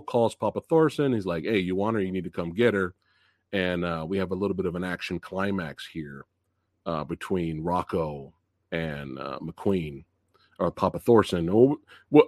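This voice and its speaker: A man's voice: fairly low pitch, dry recording, studio quality. A man hosting a live movie review stream, chatting loosely and laughing a lot as he talks to viewers. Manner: excitable, laughs often, loose chatty slang; reads out chat messages and greets viewers. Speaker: movie review show host.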